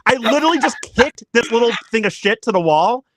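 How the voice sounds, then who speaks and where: A man casually telling a story on a podcast, swearing a lot and animated. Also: very high voice, fast talker, no room sound. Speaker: podcast co-host.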